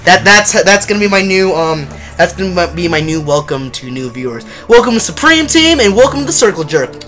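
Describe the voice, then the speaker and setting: Lively gaming streamer, jumpy yelps, nervous laughs, chatty with viewers, music behind. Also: medium pitch, brisk. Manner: chatty, talks to chat viewers. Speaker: livestreamer. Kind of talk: casual horror game commentary.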